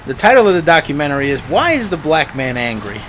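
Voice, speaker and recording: A man's voice: on the high side, very animated, quick pace. A man doing an earnest, awkward documentary director. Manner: earnest, hesitant interviewer. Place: outdoors on a city street. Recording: loud street traffic noise.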